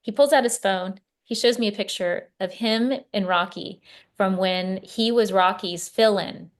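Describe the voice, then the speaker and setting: A middle-aged woman, a spiritual coach, chatting casually as a podcast guest and telling animated stories with many restarts. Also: medium pitch, a little slow. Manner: animated storyteller, repeats and restarts words. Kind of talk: casual conversation.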